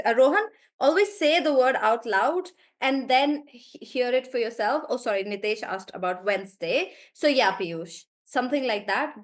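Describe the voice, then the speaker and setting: Young woman teacher, a little high, encouraging, checks words aloud on a video call. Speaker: online English teacher. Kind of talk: live online class, coaching students on syllables.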